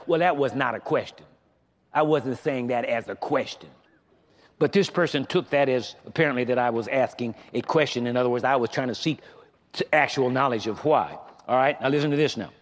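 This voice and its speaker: A man's voice: mid-range voice, brisk. A male pastor preaching to his congregation in a conversational style, speaking to them directly. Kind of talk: sermon. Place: church sanctuary.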